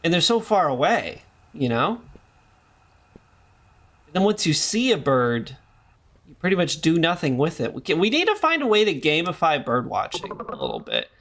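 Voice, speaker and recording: A man's voice: on the high side, wildly swooping pitch, normal speed, a bit bright. A man streaming a game, talking in rambling casual commentary full of jokey asides. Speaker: gaming streamer.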